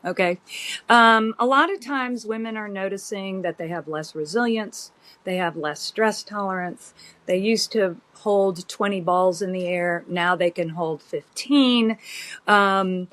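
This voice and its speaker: This is a woman in her fifties, a physician guest, talking at an unhurried, deliberate pace. She is reflective and measured, pausing often and filling gaps with soft fillers, and her voice sits at an ordinary middle pitch. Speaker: OB-GYN guest. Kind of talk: conversational podcast interview.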